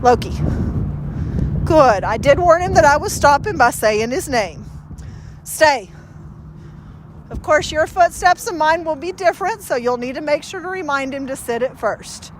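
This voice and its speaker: A woman's voice: high-pitched, lively intonation, unhurried, long pauses, a little hiss or hum. A woman dog trainer giving a casual training demonstration, chatting with many fillers and breaking off for short, upbeat praise to the dog.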